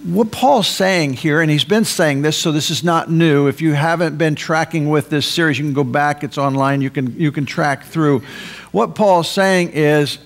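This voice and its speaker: A man preaching a sermon as pastor, emphatic, rising for stress and dropping low for asides. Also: normal speed.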